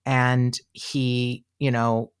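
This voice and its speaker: A podcast co-host walks through a true-crime case in loose, conversational talk. The voice sits at a middle pitch and gets animated, slipping into quoted voices with plenty of "you know" along the way. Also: drawn-out words, clear, resonant tone. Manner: animated, chatty, acts out quotes, many fillers. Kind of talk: casual true-crime storytelling.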